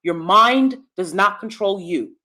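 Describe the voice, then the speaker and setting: A woman's voice: animated, slow pace, pushed and bright. A middle-aged woman hosting her own channel, talking bluntly and lecturing in a casual monologue to the camera. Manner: blunt, lecturing, switches between low asides and emphatic bursts. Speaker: YouTube commentary host.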